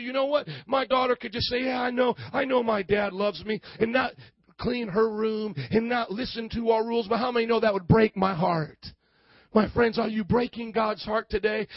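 High-voiced man preaching a sermon. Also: no echo. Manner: preaching with call-and-response, often shouting. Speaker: pastor. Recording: dull lo-fi sound.

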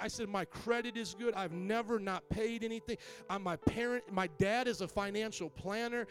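A man preaching as a pastor, telling a personal story and acting out what others said in changing voices. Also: high voice. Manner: animated, acts out quotes with shifting voice. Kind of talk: sermon storytelling.

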